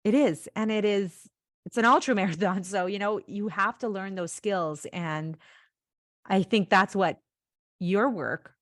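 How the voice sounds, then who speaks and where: A woman's voice: mid-range voice, unhurried, no room sound, studio quality. A woman hosting a podcast, chatting casually, with fillers and agreeing readily. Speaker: podcast host.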